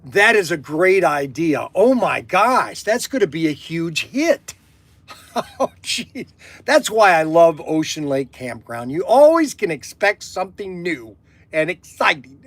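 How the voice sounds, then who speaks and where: Excitable high-voiced man from Ohio. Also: measured pace, dry recording. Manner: excitable, gushing, stammering. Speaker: livestream host. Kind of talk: casual phone chat. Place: workshop.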